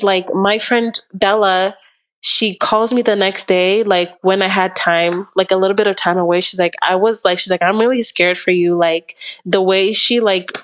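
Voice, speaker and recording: A young woman from Canada, a podcast guest, telling a long story in a rambling, casual way, full of "like" and acted-out quotes. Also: mid-range voice. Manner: rambling, heavy use of "like", acts out quotes.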